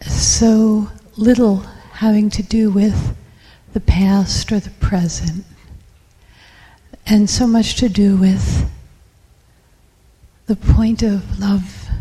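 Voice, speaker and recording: A woman sharing a personal story in a group, soft and hushed, reflective, with many pauses. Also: mid-range voice, steady tone, husky, big-room sound.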